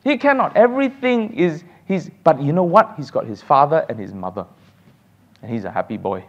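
A man teaching a church Sunday school class, animated and laughing often as he takes questions. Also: a little high, fairly quick, highs cut off.

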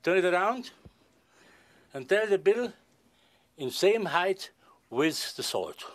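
Playful stage magician with lively pitch. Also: male voice, slow pace. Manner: playful, polite and formal, joking with the volunteer. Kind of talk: stage magic performance with audience volunteer.

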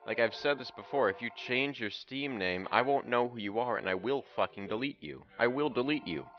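A man's voice: medium pitch, brisk, dull audio, slight background noise. Profane young man ranting over gameplay. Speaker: game streamer. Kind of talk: casual gameplay commentary.

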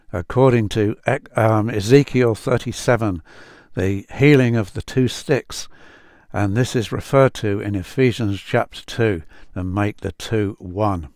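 A man talks through scripture in a slow, unhurried way, pausing often with small fillers. His voice sits on the low side. The sound is close and dry, with no room around it. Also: darkish tone, no echo. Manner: slow, thoughtful, many fillers, reads verses aloud. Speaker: Bible translator and podcaster. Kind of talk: reflective Bible talk.

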